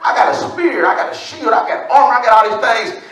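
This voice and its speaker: A man's voice: very high-pitched, brisk, fairly bright tone, voice pushed up. A man voicing a boastful, angry giant warrior who taunts his opponent, heard in an echoey church from a distance. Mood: indignant. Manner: taunting, jeering.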